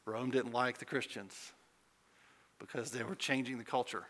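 A man's voice: mid-range voice, pushed and bright. A man preaching a conversational sermon, asking rhetorical questions and building to emphatic points. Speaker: pastor.

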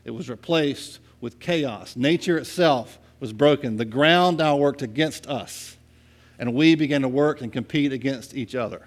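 A man preaching a sermon in a conversational way, often checking in with the listeners and moving between quiet and loud passages. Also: medium pitch, a little slow. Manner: conversational, asks "right?" often, swings from soft to loud. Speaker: pastor.

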